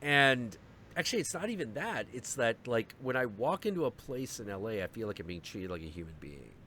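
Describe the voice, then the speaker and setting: Lively young man telling stories. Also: medium pitch, brisk, a little hiss or hum. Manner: storytelling, acts out quotes in voices. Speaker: stream host. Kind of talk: casual chat.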